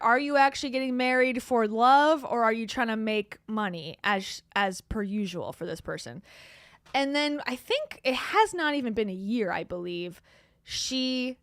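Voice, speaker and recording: A woman's voice: a little high, a bit bright, no room sound, clean studio sound. A woman hosting a gossip commentary show, talking in a sarcastic, scoffing way. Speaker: commentary host.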